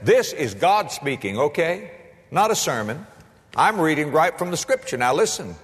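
A pastor preaching a sermon, emphatic, moving between loud proclaiming and hushed storytelling. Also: male voice, a little high, big pitch swings, normal speed. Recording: long hall reverb.

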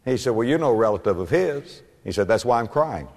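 A man's voice: mid-range voice, expressive, a little mellow. Emphatic man preaching in a reverberant hall. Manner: emphatic preaching, slows and rises on key words. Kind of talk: sermon.

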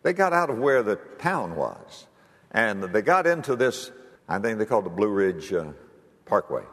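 A preacher delivers a storytelling sermon, his pitch rising and falling in lively swings as he acts out the voices. He jumps from loud calls down to near-whispers. His voice carries with a long hall reverb around it. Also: normal speed. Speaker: pastor.

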